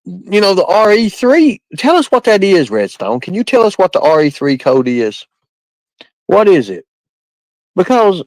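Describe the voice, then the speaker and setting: A man's voice: on the high side, dry recording, low-quality recording. Guy on a livestream rambling at chat, bouncy up and down voice, dry sound. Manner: rambling, repetitive, quizzing the chat. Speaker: livestream host. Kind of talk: casual live-stream talk to chat.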